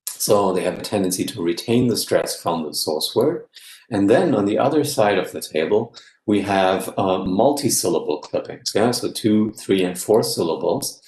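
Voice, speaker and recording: A man's voice: lowish voice, a little mellow, roomy sound. A man giving an academic guest lecture, explaining step by step and often checking in with his listeners. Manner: explanatory, checks in with frequent "yeah?".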